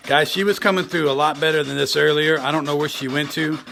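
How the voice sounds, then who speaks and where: A man investigating alone inside an old train car, talking excitably in slang and calling out to spirits. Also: on the high side, fast talker, gravelly. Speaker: paranormal investigator. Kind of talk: ghost-hunting vlog narration.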